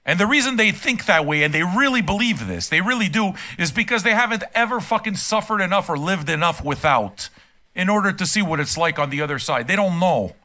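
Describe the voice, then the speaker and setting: Heated, high-voiced older man ranting. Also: animated, fairly quick, pushed and bright. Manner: profane, emphatic and heated. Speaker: streamer reacting to music. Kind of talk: casual ranting commentary. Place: home room.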